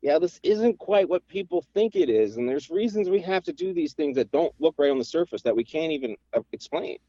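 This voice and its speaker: A man's voice: on the high side, sing-song, a little fast, warm tone, no echo. A man calling in to a podcast by phone, debating casually and insisting on precise terms. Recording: dull lo-fi phone line.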